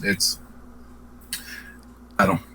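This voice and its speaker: Bright-voiced man with a Pittsburgh accent. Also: extremely slow. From Pittsburgh, United States. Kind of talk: casual interview chat.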